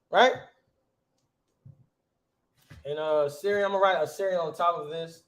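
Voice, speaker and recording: A man's voice: a little high, fast talker, hardly any pauses, a bit bright. A man teaching a class in a casual, slangy way, often checking with the students by asking "right?". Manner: slangy, conversational.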